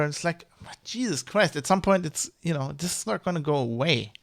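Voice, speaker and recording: Gravelly man ranting in a vlog. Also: a little high, expressive, a little fast, hardly any pauses, no echo, clean studio sound. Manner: rambling, heated, swears, many restarts. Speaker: vlogger. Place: Germany.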